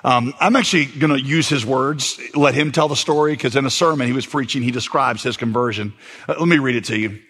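A man's voice: mid-range voice, brisk, slightly rough. Fervent male preacher in a reverberant hall. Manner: emphatic preaching, rising to shouts on key points. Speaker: pastor. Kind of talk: sermon.

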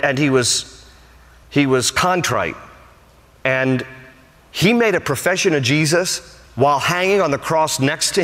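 A man's voice: fairly high pitch, sharp tone. A male pastor preaching a sermon with emphatic, rising repetitions. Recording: long hall reverb.

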